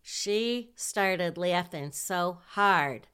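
A middle-aged woman recounts a story from her school days in an unhurried, easy way. Her voice is smooth and clear and sits a little low, and she laughs often while acting out what she said back then. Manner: animated, laughs while telling, acts out her own quotes. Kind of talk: casual personal storytelling.

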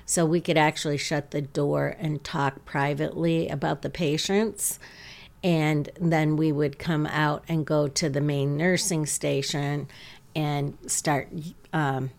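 A woman hosting a podcast, calmly telling a story about one of her patients as a nurse. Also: sits low. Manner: slow, calm, gentle storytelling.

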